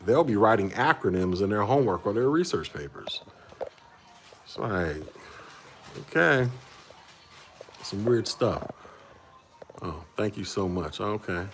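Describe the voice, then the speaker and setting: A man's voice: lowish voice, lively intonation, a little slow, long pauses, a bit bright, slight background noise. A man in his forties, a livestream host, chatting casually with viewers in a laid-back way and laughing often. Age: 40s.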